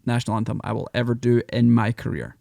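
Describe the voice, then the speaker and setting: Scottish man, animated and chatty. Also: mid-range voice, fast, gravelly, no room sound, studio quality. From Scotland. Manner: animated, rambling, breaks into mock voices. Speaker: podcast guest, country singer. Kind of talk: casual podcast chat.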